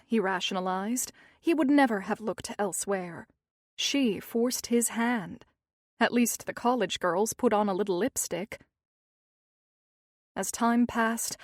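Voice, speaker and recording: A woman reads a thriller audiobook in an even, measured narration. Her voice sits slightly high, and the recording is dry and close, with no room sound. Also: no room sound.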